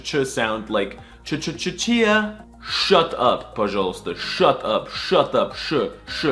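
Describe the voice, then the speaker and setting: In a fairly high, slightly bright voice, a young man reads a comic scripted lesson about language. The tone is pretend-serious, laced with sarcasm and crudeness.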